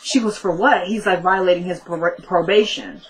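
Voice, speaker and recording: A woman's voice: fairly low pitch, normal speed, rough recording. A woman casually recapping a TV episode, retelling the dialogue in a chatty way. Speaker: TV recap vlogger.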